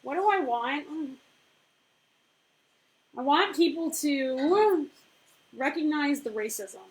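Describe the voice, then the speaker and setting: A woman's voice: high voice, animated, slow, low-quality recording. A woman in her thirties who runs a business and coaches, talking casually in a conversational way, full of fillers and frequent "right?" check-ins. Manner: conversational, filler-heavy, keeps asking "right?". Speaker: business owner and life coach.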